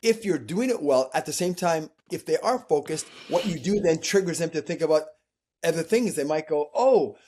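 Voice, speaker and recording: Male interview guest, conversational and animated, playful quoted voices. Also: on the high side, moderate pace. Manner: animated, acts out quoted voices, frequent restarts. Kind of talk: reflective conversational storytelling.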